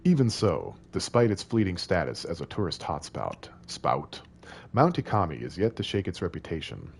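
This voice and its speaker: Playful low-voiced male streamer. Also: very animated, normal speed, gravelly, a little hiss or hum. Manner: rambling and playful, talking to chat and reading game text aloud. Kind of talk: casual live-stream chat while playing.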